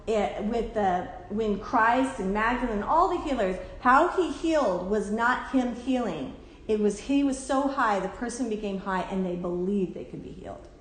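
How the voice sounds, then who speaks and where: Chatty candid woman in an echoey room. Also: fairly high pitch. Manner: chatty, candid, swears and laughs often. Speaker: spiritual teacher. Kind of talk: casual spiritual talk to a class. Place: temple room. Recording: roomy echo.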